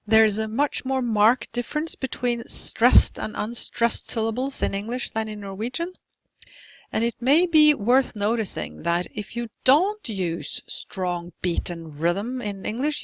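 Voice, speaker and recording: A woman teaching English pronunciation, her voice a little high and her delivery very slow and deliberate. Every word is clearly enunciated in a dry, close voice-over. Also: fairly bright tone, no echo, low-quality recording. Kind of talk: instructional lesson narration.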